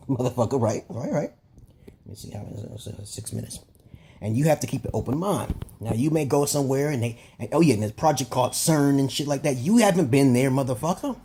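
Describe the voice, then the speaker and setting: A man's voice: mid-range voice, brisk, mellow, a little hiss or hum. A man giving a rambling, profane opinion monologue as a vlogger, emphatic and often checking "okay?" with his listeners. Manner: repeats and restarts phrases.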